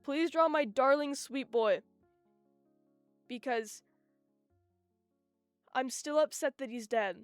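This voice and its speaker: A woman streamer chatting casually and ranting in an animated way, often cutting herself off mid-sentence. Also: sits high, takes it slowly, long pauses, clear, resonant tone, no room sound, clean studio sound, faint music behind. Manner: animated, ranting, self-interrupting. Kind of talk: casual live-stream chat.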